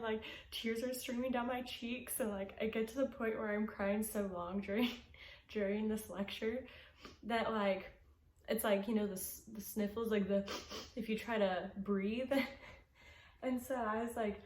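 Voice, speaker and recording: A young adult woman telling a personal story in a casual, animated way and acting out quotes with big pitch jumps. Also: moderate pace. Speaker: youth ministry segment host. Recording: echoey room with faint noise.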